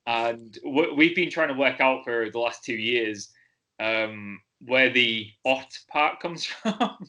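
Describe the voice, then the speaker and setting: English male podcast host, bright tone, playful and quick to laugh. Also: mid-range voice. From England. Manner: jokey, laughs often. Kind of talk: casual interview chat.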